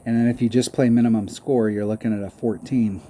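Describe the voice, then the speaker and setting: A man's voice: medium pitch, steady tone, a little fast, mellow. A man giving rambling, self-mocking casual commentary on a mobile golf game while humming little tunes, recorded with audible background noise.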